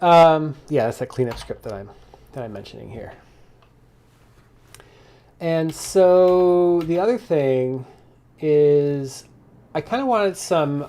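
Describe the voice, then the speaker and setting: A man thinking aloud in a casual coding log as he walks through his software bugs, with lots of restarts and asides, keyboard typing behind him. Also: mid-range voice. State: slightly out of breath.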